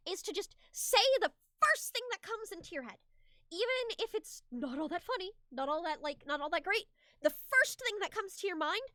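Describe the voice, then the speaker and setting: A woman streamer giving casual advice on voice acting, chatty and animated with many restarts and repeated words. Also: sits high, no room sound, clean studio sound. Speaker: streamer and hobbyist voice actor.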